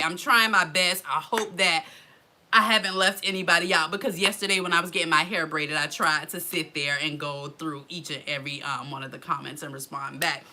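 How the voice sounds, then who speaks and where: A woman chatting on a live stream. Her voice is very bright and sharp, and she keeps calling out to viewers, saying "girl" and "y'all" in a friendly, casual way. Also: on the low side. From Florida. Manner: chatty, greets commenters by name, says "girl" and "y'all". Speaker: blogger hosting a live stream.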